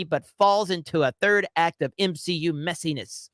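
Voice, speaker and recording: A man's voice: high-pitched, normal speed, hardly any pauses, fairly bright tone, no room sound, clean studio sound. A man hosting a casual commentary show, talking in a sarcastic, mock-earnest way. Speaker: YouTube commentary host.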